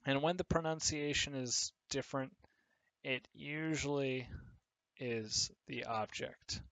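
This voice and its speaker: A man gives a recorded English lesson at a slow, unhurried pace. He explains patiently, pausing with fillers as he writes, in a dry, close-miked sound. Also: medium pitch, fairly even intonation, a bit bright, no room sound. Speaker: English teacher.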